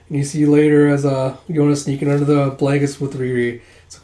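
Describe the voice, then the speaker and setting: A man casually reading through a manga, voicing characters' lines in quick snippets and laughing often. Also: a little high, level tone, mellow, reverberant. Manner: reads dialogue aloud in quick voices with frequent laughs. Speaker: manga readthrough host.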